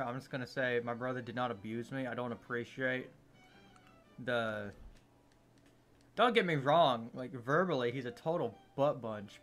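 A man's voice: medium pitch, pushed and bright. A man chatting casually, rambling with lots of fillers. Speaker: streamer's brother. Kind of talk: casual chat.

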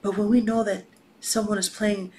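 A woman's voice: mid-range voice, little pitch movement, moderate pace, warm tone, low-quality recording. A woman life coach giving a casual, preachy motivational talk, dropping to a whisper for emphasis and using slang.

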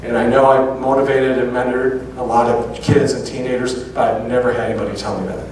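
A man giving a lecture, telling a personal story with lively quoted dialogue. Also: medium pitch, a little fast, slight background noise. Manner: animated anecdotes with quoted dialogue. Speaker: public speaker. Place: large auditorium. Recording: very echoey hall from far off.

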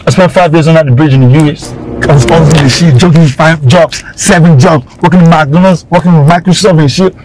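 A man's voice: on the high side, normal speed, gravelly, darkish tone, slight background noise, rough recording. A man playing a boastful passenger back from America, brash and flirty with put-on American slang. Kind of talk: comedy skit acting.

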